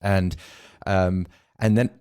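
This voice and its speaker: A man hosting a podcast interview, talking candidly in a halting way with many fillers. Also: deep voice, level tone, darkish tone, clear, resonant tone. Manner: halting, filler-heavy, confessional. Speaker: podcast host.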